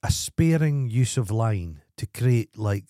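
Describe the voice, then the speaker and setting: A man's voice: mid-range voice, expressive, takes it slowly, dark tone, dry recording, studio quality. A middle-aged man with a Scottish accent, co-hosting a podcast, telling stories bluntly and grumpily with lots of swearing. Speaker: podcast co-host. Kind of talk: casual chat.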